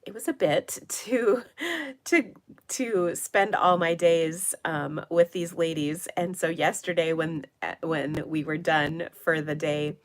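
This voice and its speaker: A woman's voice: sits low, takes it slowly. A middle-aged woman hosting a papercraft livestream, chatting casually and rambling with many fillers, her voice congested and nasal from a cold. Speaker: papercraft channel host.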